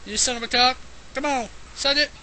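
A man with a high, piercing voice narrates his own gameplay with constant profanity. He taunts and trash-talks an on-screen villain and breaks into yelling bursts. A faint hiss sits under the recording. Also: fairly quick. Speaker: let's play gamer.

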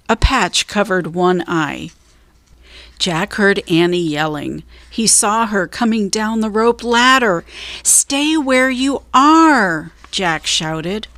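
A woman storyteller reading a children's book aloud, slow, clear and deliberate. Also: medium pitch, fairly bright tone, no echo.

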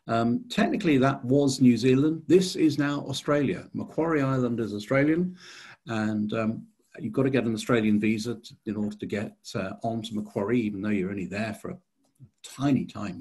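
Man, gravelly voice, slightly raspy, hesitant speaker, slide talk. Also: medium pitch, darkish tone. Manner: hesitant, many fillers and restarts. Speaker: society chairman giving a talk.

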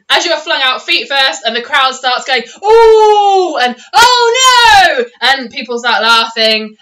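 A woman narrating a tabletop game as game master, telling the story in an animated, giggly way. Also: on the high side.

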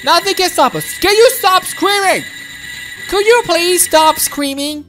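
A woman giving excitable, childlike gameplay commentary while speaking as her game character. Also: very high voice, unhurried, over music. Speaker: game streamer.

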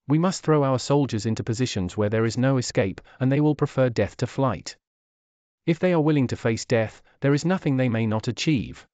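A man voicing a stern orc war chief who speaks low and measured. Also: a little mellow, no room sound, close to an everyday voice.

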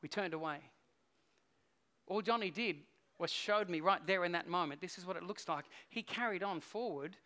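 A middle-aged man, preaching a sermon as a pastor and telling a story, swinging between hushed and loud. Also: high-pitched, moderate pace.

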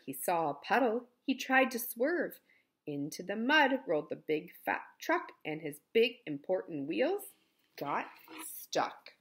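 A woman reading a picture book aloud to young children, animated, with playful animal sounds and friendly asides to her listeners. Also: on the low side, a little slow. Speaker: children's story reader.

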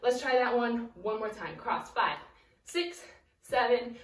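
A woman's voice: a little high, expressive, slow pace, far from the mic, very noisy. A young woman teaching a children's dance routine, counting beats and calling out steps while she dances, slightly out of breath. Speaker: dance instructor. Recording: echoey room, voice from afar.

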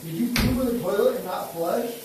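Man, deadpan, blunt, cursing, echoey room, noisy background. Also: high voice, brisk. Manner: blunt, swears, deadpan complaints. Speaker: streamer guest. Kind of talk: casual live-stream chat. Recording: roomy and noisy room sound.

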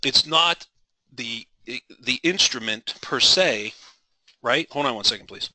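A middle-aged man teaches a live trading webinar with fiery, driven passion, often rambling and restarting his sentences. His voice is strikingly bright and sharp. The recording is dry and close, with no room echo. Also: mid-range voice, lively intonation, unhurried.

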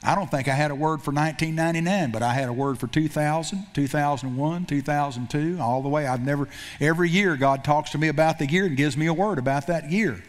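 A man's voice: on the high side, quick pace. A man preaching a sermon as pastor, telling a story with frequent repetitions and self-corrections.

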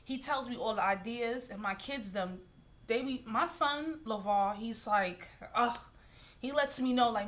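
A woman's voice: fairly high pitch, a bit bright, a little hiss or hum. A woman, a business owner speaking in a casual, heartfelt interview chat in long run-on phrases. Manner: heartfelt, talks fast in loose run-on phrases.

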